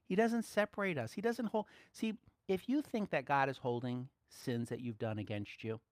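A man preaching a sermon, swinging between soft, quiet asides and loud, excited exclaiming. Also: medium pitch, normal speed, dry recording, clean studio sound.

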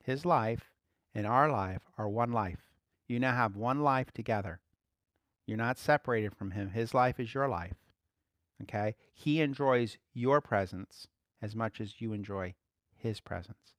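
A man giving conversational Bible teaching as a preacher, relaxed, laughing lightly and repeating key phrases. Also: on the low side, a little slow, dry recording, studio quality.

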